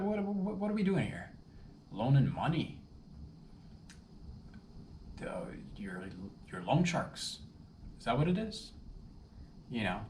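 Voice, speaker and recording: A man's voice: on the low side, slight background noise. A man riffing through a rambling, self-interrupting comic monologue in a playful tone. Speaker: comedian. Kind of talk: improvised comedic monologue. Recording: roomy echo with faint ambience.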